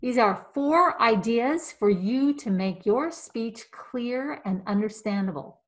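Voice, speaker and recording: A middle-aged woman speech coach giving an instructional tip about clear speaking, with careful, exaggerated diction. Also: fairly high pitch, lively intonation, slow pace. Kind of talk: instructional video.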